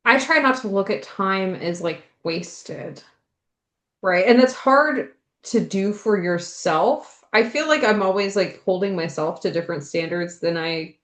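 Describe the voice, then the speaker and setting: A woman's voice: medium pitch, measured pace, fairly bright tone, roomy sound. A woman co-hosting a podcast, speaking in a reassuring, reflective way with frequent fillers. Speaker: podcast co-host. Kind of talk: casual chat.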